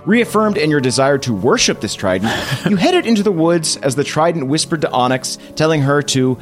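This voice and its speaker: A man game master, hosting and narrating a tabletop game recap in a playful, animated storytelling way. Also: on the high side, a little fast, faint music behind.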